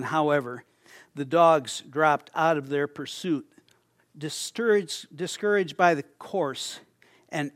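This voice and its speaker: A man's voice: fairly high pitch, dry recording, clean studio sound. A man voicing an old holy man in the desert, telling a simple story plainly and unhurriedly.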